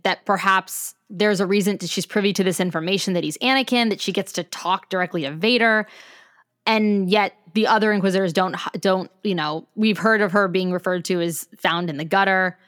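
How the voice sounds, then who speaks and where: A woman co-hosting a podcast, speaking at an ordinary middle pitch. She talks in loose, chatty runs strung together with "like". The recording is close and dry, with no room sound. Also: a little fast, a bit bright, no echo. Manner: chatty, strings thoughts together with "like". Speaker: podcast co-host. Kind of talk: casual chat.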